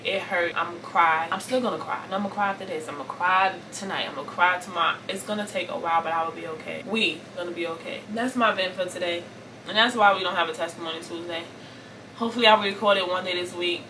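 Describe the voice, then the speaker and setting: A woman from Brooklyn in her thirties, venting on camera about family pain, raw and tearful, repeating herself as she swings from forceful to soft. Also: on the low side, fast talker, far from the mic, noisy background. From Brooklyn, New York. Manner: raw and tearful, repeating phrases, rising intensity then soft pleading. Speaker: vlogger. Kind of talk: emotional storytime vent to camera.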